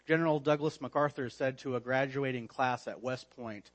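A man preaching a sermon with emphatic repetition, letting phrase endings fall low and quiet. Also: fairly even intonation, moderate pace, few pauses. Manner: emphatic, repeats words, drops low on phrase ends.

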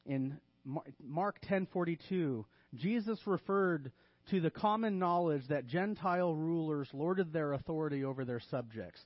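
A man's voice: on the high side, no echo, lo-fi sound. A man, a pastor, preaching a sermon, delivering a list with tongue-in-cheek sarcasm.

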